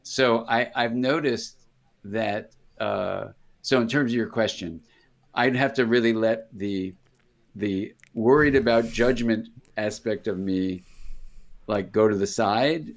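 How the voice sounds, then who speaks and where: An older American man speaks in a somewhat low voice, chatting casually as an interview guest. He rambles and restarts his sentences, jumping up in pitch to act out what others said in his stories. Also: takes it slowly. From United States. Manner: rambling, self-interrupting, acts out voices in anecdotes. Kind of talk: casual conversational storytelling.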